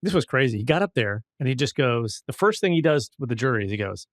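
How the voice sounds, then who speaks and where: A man's voice: mid-range voice, expressive, quick pace, dry recording, studio quality. A man co-hosting a podcast, chatting and swapping anecdotes. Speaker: podcast co-host. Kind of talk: podcast conversation.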